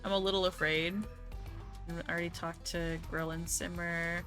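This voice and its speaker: Young woman, streamer, casual game chat, swears and laughs, bright forceful tone, faint music behind. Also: on the low side, flat delivery, normal speed. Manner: loose, swears freely, laughs often, talks to chat. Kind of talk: casual let's-play chat.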